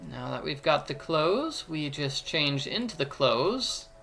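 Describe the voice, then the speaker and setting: A man's slow, sing-song voice, a little high, gravelly yet bright and forceful, narrates a playful adventure game walkthrough. As a let's play commentator, he explains steps, jokes along, and does voices. Soft music plays behind him.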